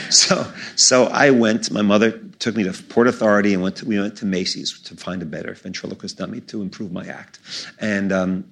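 Raspy-voiced older man telling stories. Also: lowish voice, moderate pace. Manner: animated storytelling with laughs and restarts. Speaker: magician in onstage conversation. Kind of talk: storytelling conversation. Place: stage before a live audience.

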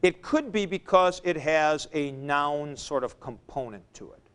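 A male teacher gives a classroom lecture at an unhurried pace. His voice sits fairly high for a man and comes through smooth and clean. He thinks aloud and repeats key points for emphasis as he works at the board. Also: animated, a bit bright. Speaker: Greek teacher.

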